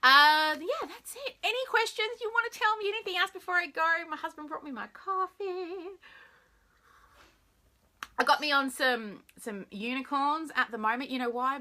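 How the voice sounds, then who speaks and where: A woman's voice: high-pitched, sharp tone. An Australian woman hosting a live stream, chatting casually and greeting viewers by name in a bubbly way.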